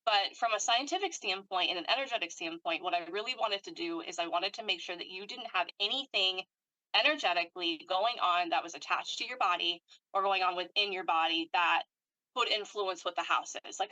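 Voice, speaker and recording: Woman energy healer leading a guided clearing; bright, steady, instructive; dry video-call sound. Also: on the low side, dry recording, rough recording. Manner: calm, steady, instructive, recites long lists of commands. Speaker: energy worker and channeler.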